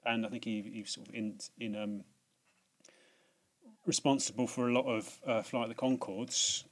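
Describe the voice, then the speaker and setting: A man's voice: medium pitch, fairly even intonation, normal speed. British male vlogger, mid-range voice, loose rambling delivery full of false starts. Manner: rambling, many restarts and fillers; laughs at himself, swears casually. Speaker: video host. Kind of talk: casual chat.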